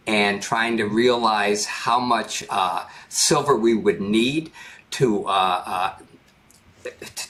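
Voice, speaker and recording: An American man speaking as a guest in an interview, earnest and halting, often restarting his sentences. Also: medium pitch, fairly bright tone. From United States. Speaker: guest commentator. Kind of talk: interview conversation.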